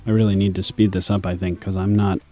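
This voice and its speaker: A young man giving rambling, deadpan commentary while playing a city-building game, with self-mocking asides. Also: low-pitched, quick pace. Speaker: gaming streamer. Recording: faint music behind.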